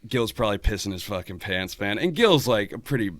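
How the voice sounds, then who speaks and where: Laid-back deep-voiced guy telling stories. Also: expressive, brisk, fairly bright tone, dry recording, clean studio sound. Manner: laid-back, swears a lot, laughs often. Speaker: podcast guest. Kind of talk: casual storytelling chat.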